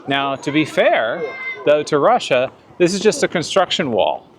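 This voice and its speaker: A man from the United States, a guest on a casual walk-and-talk vlog, calmly describing city streets at night. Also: fairly high pitch, moderate pace. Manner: relaxed, observational, conversational. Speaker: guest vlogger. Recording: noisy outdoor street.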